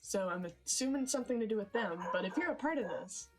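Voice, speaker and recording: A woman voicing a stern older elven woman who guards the local children, scolding and suspicious in a halting way. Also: a little high, lively intonation, lightly acted. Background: background music.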